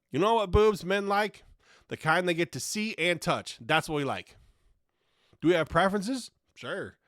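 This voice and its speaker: A man's voice: on the high side, pushed and bright, dry recording, clean studio sound. A man hosting a podcast, delivering a profane comedic rant with heavy swearing and exasperated outbursts. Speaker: podcast host.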